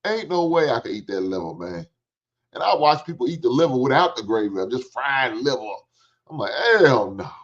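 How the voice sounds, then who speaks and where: A man's voice: medium pitch, very animated, fairly quick. A middle-aged man, hosting a livestream in casual, joking storytelling chat and swearing freely. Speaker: livestream host. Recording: dull lo-fi stream audio.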